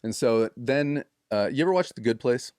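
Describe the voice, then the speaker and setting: A man's voice: medium pitch, animated, moderate pace, a little mellow, clean tone, dry recording, studio quality. A man casually telling a long story on a podcast, swearing freely and acting out what others said. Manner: profane, acts out quoted people.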